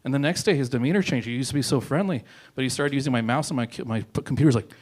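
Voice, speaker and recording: A man's voice: mid-range voice, expressive, very fast. A young man doing a stand-up set, rambling and swearing, laughing at his own jokes. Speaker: comedian.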